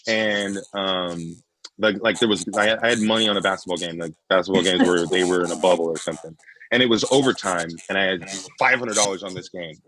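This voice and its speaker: Animated male stand-up storyteller. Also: low-pitched, fairly quick, low-quality recording. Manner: animated, storytelling, punchy asides; frequent "right?" check-ins. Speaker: stand-up comedian. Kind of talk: live stand-up routine. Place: home, streamed live.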